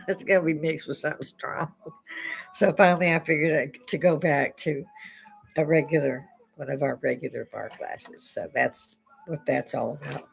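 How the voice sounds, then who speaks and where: A woman's voice: sits low, creaky, fairly bright tone, husky. An older American woman hosting a livestream from her home bar, chatting in a rambling way and laughing often, on a headset mic. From United States. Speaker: livestream host. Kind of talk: casual chat. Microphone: headphones with clip-on mic.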